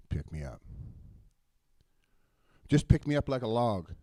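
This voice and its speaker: A man's voice: fairly low pitch, darkish tone, no room sound. A middle-aged man telling a raw personal story, emotional and blunt, with swearing. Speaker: storyteller at a live event.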